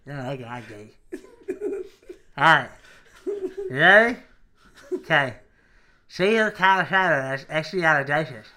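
A man's voice: a little high, huge pitch swings, slow pace, long pauses, sharp tone. A young man playing a party game with friends, laughing and slurring words as if his mouth is obstructed. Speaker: game player. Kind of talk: casual chat with friends.

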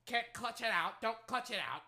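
A fan doing casual play-by-play commentary on his own microphone, excitable and quick to rant and swear at players and referees. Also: medium pitch.

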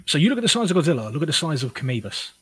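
Husky man debating monster fights. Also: fairly high pitch, very animated, very fast, low-quality recording. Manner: rambling, self-correcting monster debate. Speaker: podcast co-host. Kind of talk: casual chat.

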